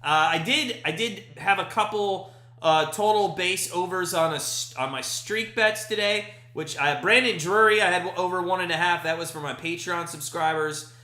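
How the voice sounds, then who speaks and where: A man's voice: sits high, normal speed, sharp tone. A young man hosting a casual live stream, giving baseball play-by-play in a loose, joking way and answering viewer comments. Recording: echoey room.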